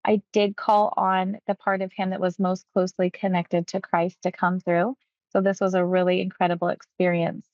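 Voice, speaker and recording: A woman hypnotherapist recounting a client's session, talking quickly and acting out quotes. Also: on the low side, no echo, lo-fi sound. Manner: quick, animated retelling with acted quotes. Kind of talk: storytelling about a client session.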